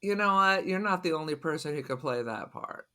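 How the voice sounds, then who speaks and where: A man's voice: a little high, expressive, a little fast, pushed and bright. A man co-hosting a podcast in casual chat, blunt and swearing freely, laughing often. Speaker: podcast co-host.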